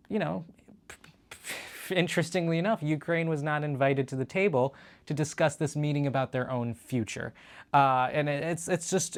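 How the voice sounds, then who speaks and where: A man hosting his own show, giving casual political news commentary in a conversational way with frequent fillers and restarts. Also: mid-range voice. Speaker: show host.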